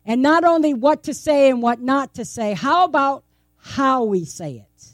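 A woman preaches a sermon in a chatty, playful way, peppering it with rhetorical questions and light laughter. Her voice sits fairly high. The sound is close and dry. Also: lively intonation, unhurried, no echo, faint music behind. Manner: conversational, asks many rhetorical questions. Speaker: pastor. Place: church.

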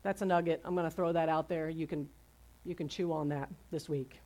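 A woman's voice: low-pitched, fairly even intonation, brisk, warm tone. A woman pastor preaching a sermon in a casual, conversational way, retelling a story with playful asides.

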